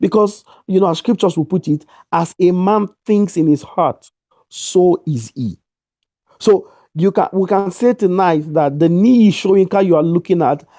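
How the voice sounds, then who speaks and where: A man's voice: high voice, measured pace, mellow, no room sound. A man giving an emphatic motivational talk, repeating his key lines over a video call. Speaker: guest speaker.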